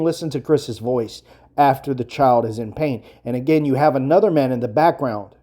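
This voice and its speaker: Mellow-voiced man, earnest commentary. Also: on the high side. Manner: emphatic, repeats his points, frequent fillers. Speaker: commentary channel host.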